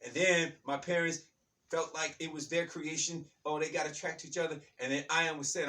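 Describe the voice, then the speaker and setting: Man, bright tone, preachy spiritual monologue, emphatic and repetitive, voice a bit off-mic. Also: a little high, little pitch movement, fairly quick, recorded from a distance. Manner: emphatic and repetitive, calls listeners "baby". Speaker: channel host.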